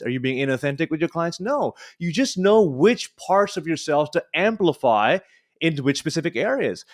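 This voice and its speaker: A man answering as a guest speech coach in an interview, talking in an emphatic, coaching tone. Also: on the high side.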